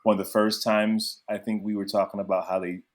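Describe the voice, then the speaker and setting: A man's voice: on the low side, level tone, brisk. A man co-hosting a podcast in casual chat, reflective and steering the conversation. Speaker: podcast co-host.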